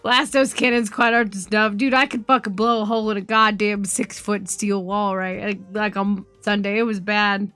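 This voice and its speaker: A woman streamer chatting casually, telling a story in an animated, swearing way and laughing often. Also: medium pitch, normal speed, few pauses, clear, resonant tone, faint music behind. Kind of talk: casual chat.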